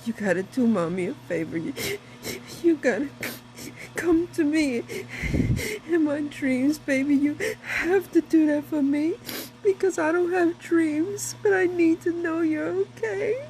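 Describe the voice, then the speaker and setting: A woman's voice: high voice, measured pace, background noise. A grieving mother tells of a dream through tears, her voice breaking as she halts and repeats herself. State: crying. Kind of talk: tearful personal account.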